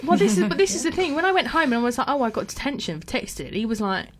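A woman's voice: sits high, sing-song, very fast, over a noisy crowd. A young woman telling a story in casual chat, often laughing, with lots of fillers.

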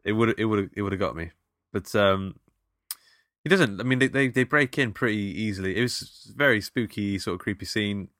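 Deep-voiced man, bright edge. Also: dry recording, clean studio sound. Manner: halting, jokey, trails off with ums. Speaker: podcast co-host. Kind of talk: casual film review chat.

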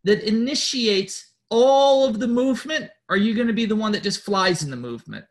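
A man hosts a spiritual pep talk, his voice sitting high, animated, and a little fast. He preaches bluntly, swears often, and keeps repeating words and restarting sentences as he pushes forward.

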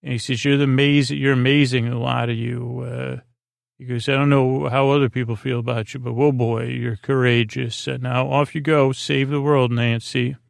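Gravelly, flat-voiced man rambling a sleepy recap. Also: medium pitch, normal speed, no room sound, clean studio sound. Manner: meandering, hesitant, full of uh and restarts. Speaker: podcast host.

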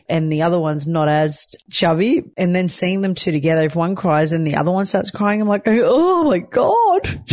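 A woman's voice: on the low side, darkish tone, no echo. A sleep-deprived new mother talking candidly in a casual weekly chat, swearing lightly and laughing often. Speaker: weekly vlogger, new mother of twin boys.

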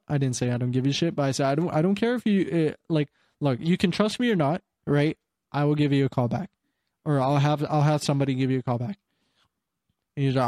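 A man's voice: fairly high pitch, brisk, mellow, dry recording, clean studio sound. Young man rambling with lots of swearing. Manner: rambling, swears a lot, many fillers. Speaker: podcast co-host telling work stories. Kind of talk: casual chat.

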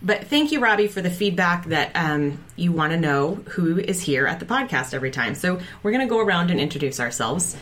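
A woman co-hosting a podcast, talking in a steady, conversational way with frequent fillers. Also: on the low side, brisk, few pauses. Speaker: podcast co-host. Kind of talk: casual podcast chat.

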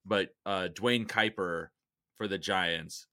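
A man co-hosting a podcast, with a low voice. He has a bright, forceful tone and drifts into relaxed, rambling asides. The sound is dry and close. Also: takes it slowly, no echo. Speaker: podcast co-host. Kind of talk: casual chat.

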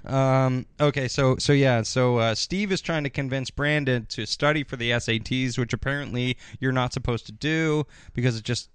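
A man's voice: medium pitch, moderate pace, hardly any pauses, clear, resonant tone, dry recording. A man from Canada recapping a TV episode in casual comedic podcast chat, rambling with lots of fillers and laughter. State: tired.

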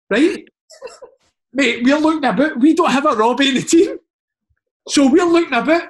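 A former footballer telling a team story in a chatty, casual way. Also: male voice, sits high.

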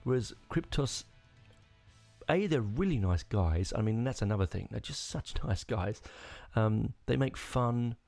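A man's voice: on the low side, expressive, a little slow, gravelly, darkish tone, soft background music. A man hosting a podcast on his own, rambling enthusiastically with many restarts. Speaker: podcast host. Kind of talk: casual solo rambling.

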